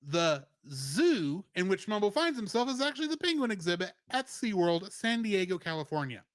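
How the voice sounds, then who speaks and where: Lively high-pitched man reading trivia. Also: normal speed, dry recording. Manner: lively, animated reading with playful asides. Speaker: podcast co-host. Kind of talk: reading a plot summary and trivia.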